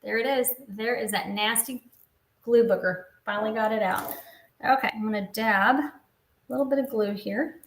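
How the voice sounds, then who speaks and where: A woman's voice: on the high side, normal speed, roomy sound, a little hiss or hum. Chatty woman demonstrating crafts. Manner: chatty, explains step by step while working. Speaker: papercraft instructor.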